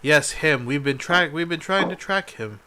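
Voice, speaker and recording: A man's voice: a little high, expressive, moderate pace, sharp tone, voice pushed up. A man voicing a regal queen who speaks in a formal, stately way.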